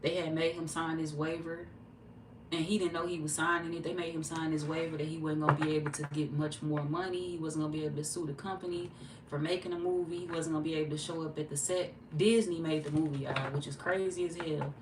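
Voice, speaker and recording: A woman, streaming a tarot reading and chatting casually, telling animated stories and cussing freely. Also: low voice, quick pace, recorded from a distance. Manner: animated storyteller, cussing freely, acting out quotes. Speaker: tarot reader streaming live. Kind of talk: casual livestream chat. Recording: echoey room, off-mic, faint hum.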